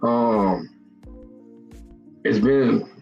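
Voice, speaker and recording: A man's voice: mid-range voice, drawn-out words, vocal fry, muffled recording, soft background music. A man hosting a casual live boxing talk show, thinking aloud and often repeating himself.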